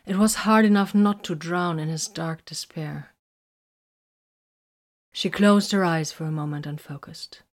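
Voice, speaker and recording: Low-voiced woman narrating a story. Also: unhurried, pauses often. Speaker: audiobook narrator. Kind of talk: scripted narration.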